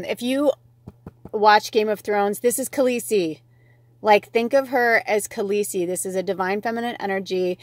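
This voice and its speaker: A woman's voice: medium pitch, no room sound. Chatty woman giving a dry card reading. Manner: chatty and gushing, with casual swearing; thinks aloud, with many fillers and restarts. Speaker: tarot and oracle card reader. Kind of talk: casual spiritual card reading to camera.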